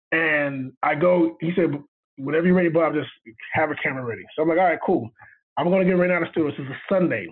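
A man's voice: on the high side, breathy edge. A man, a guest cinematographer, telling a story in casual chat, acting out quoted dialogue and laughing often. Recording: tinny phone line.

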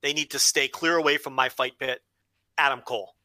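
A man's voice: mid-range voice, steady tone, a little fast, pushed and bright, no echo. A man co-hosting a casual wrestling podcast, talking emphatically and playfully and repeating phrases for comic effect. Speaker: podcast co-host.

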